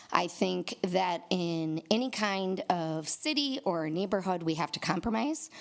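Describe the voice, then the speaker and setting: A woman's voice: on the low side, gravelly. A woman resident who is losing her voice gives earnest public comment at a council meeting, with many fillers. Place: council chamber.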